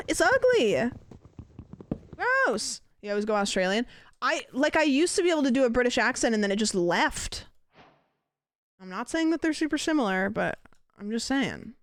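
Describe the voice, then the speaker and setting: A woman's voice: on the high side, dry recording. A woman livestreaming a game, chatting casually and swearing freely. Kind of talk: casual chat while gaming.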